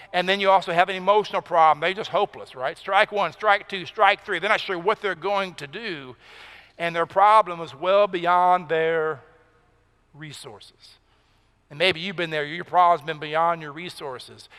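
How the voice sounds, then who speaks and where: Male pastor, high and bright voice, chatty sermon, rings in a church hall. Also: clear, resonant tone. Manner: conversational, asks the crowd "right?" often. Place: church sanctuary.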